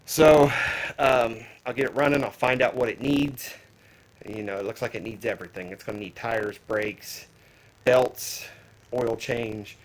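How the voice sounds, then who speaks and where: In a rough recording, a car audio vlogger with a mid-range voice talks a little slowly while walking around a car outdoors. Breathless and rambling, he casually tells his viewers, whom he calls "guys," what he plans to do with it in this walkaround vlog.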